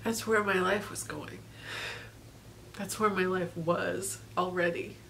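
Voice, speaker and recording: A woman's voice: lowish voice, steady tone, takes it slowly, creaky, a bit bright, a little hiss or hum. A woman recording a personal video diary, talking emotionally and tearfully with frequent laughter, rambling with lots of fillers. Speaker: vlogger.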